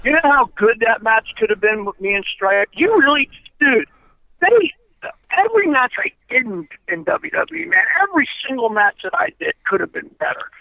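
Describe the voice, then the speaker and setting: Sing-song and gravelly, a very high male voice moves at a moderate pace with no echo. A former pro wrestler, he's an interview guest on a tinny, dry phone line, telling stories bluntly, profanely and emphatically in casual conversation.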